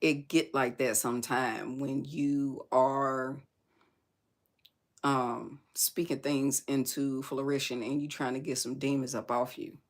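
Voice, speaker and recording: A livestream host with a hoarse, raspy voice, venting emphatically about faith, repeating lines and swearing freely. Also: medium pitch, little pitch movement, takes it slowly. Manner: preachy, speaks of God and spirit. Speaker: live stream host. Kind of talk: casual live-stream venting.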